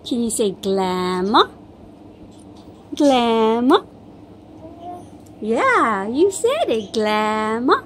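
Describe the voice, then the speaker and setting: Middle-aged woman, baby talk, cooing sing-song, slow unhurried delivery, soft home noise on a phone. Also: a little high, very animated. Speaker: vlogger. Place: home, indoors.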